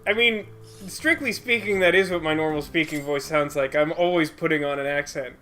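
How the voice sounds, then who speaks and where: A man's voice: on the high side, sharp tone. A man joking sarcastically while commenting on a video game with friends. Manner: joking, sarcastic, quick to laugh. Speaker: let's play co-commentator. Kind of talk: casual gaming chat. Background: game music.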